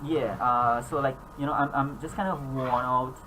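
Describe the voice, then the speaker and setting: Brief: a halting tabletop player describing their ghost character, clear hiss under the voice. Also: medium pitch, steady tone, a bit bright. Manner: hesitant, many restarts and fillers. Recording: noisy home recording.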